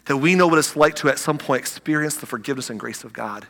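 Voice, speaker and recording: A man preaching a sermon, animated and conversational, acting out the scripture with asides. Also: medium pitch, fast. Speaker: pastor. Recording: echoey hall.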